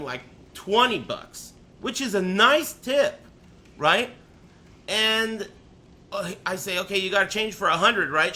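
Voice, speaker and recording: A man tells a story in a loose, profane rant, jumping from loud outbursts to low muttered asides. His voice sits high and swings widely in pitch. The tone is sharp and very bright. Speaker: storyteller on a live stream.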